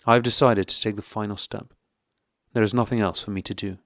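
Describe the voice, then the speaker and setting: A man reading the part of a cold, formal, wounded husband in an audiobook, in a measured tone. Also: on the low side, steady tone, no echo, studio quality, close to an everyday voice. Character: cold, stiff, wounded middle-aged husband.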